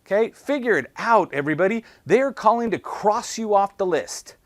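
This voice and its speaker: A man's voice: high voice, normal speed, no echo. A man giving a sales training talk, asking punchy rhetorical questions and acting out callers and salespeople. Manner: animated, acts out callers and salespeople.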